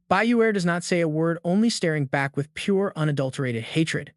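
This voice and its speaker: Smooth man narrating a manhwa recap. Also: on the high side, moderate pace, few pauses, no room sound, studio quality. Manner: smooth and even, no fillers. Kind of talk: scripted dramatic narration.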